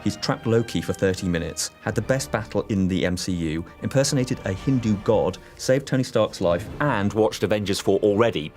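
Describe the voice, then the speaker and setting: A man's voice: on the low side, normal speed, hardly any pauses, darkish tone, soft background music. A man hosting a radio interview, asking playful, teasing questions. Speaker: radio host.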